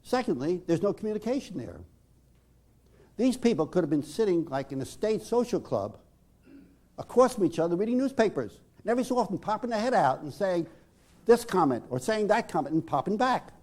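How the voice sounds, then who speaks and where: A male therapist lectures in a measured, emphatic way, leaning on dramatic pauses. His voice sits a bit high and moves with a lively rise and fall. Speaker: psychotherapist.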